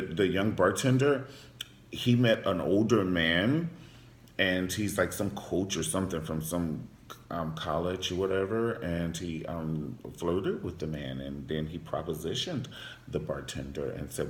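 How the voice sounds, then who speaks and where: A man recapping a TV drama in a sassy, flamboyant, gossipy way, jumping into sudden high squeals. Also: expressive, normal speed, reverberant. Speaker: TV show reviewer. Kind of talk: casual recap vlog.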